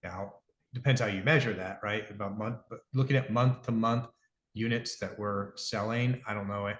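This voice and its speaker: Low-voiced middle-aged man in a roomy room. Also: steady tone, moderate pace, fairly bright tone. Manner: rambling, self-correcting, earnest. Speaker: guest, device company founder. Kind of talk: casual interview storytelling. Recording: roomy echo.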